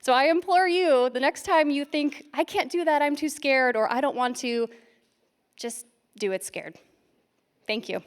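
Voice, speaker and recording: Woman, conference speaker, a little high-pitched, shaky with stage nerves, self-deprecating storyteller. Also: measured pace, a little hiss or hum. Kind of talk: lightning talk.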